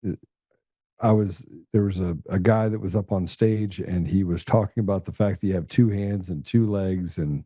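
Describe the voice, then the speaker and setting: A man hosting a podcast, telling blunt, profane, animated stories in a casual conversational way. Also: low voice, normal speed, no echo, studio quality. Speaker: podcast host.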